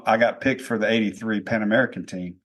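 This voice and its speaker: A man in his fifties co-hosting a podcast, relaxed with quick laughing reactions. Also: lowish voice. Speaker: podcast co-host. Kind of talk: casual chat.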